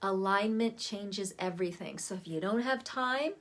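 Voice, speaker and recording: A woman coach talks viewers through vocal warm-ups in a relaxed, chatty way. Her voice sits at an ordinary middle pitch. She speaks to the camera from a seat at home. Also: normal speed. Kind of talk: casual spoken voice lesson.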